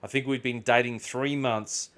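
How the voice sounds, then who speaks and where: An Australian man talks over his gameplay at an ordinary pitch, in a loose, meandering way. He swears often and tells animated stories. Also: moderate pace. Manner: rambling, swears freely, tells animated anecdotes. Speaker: gaming video host. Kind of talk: casual chat while gaming.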